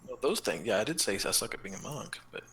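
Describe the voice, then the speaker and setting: A man playing a co-op game with friends, quick and a bit defensive as he gets teased. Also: lowish voice, big pitch swings, a bit bright, breathy edge. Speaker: co-op gaming partner. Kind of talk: casual chat while gaming.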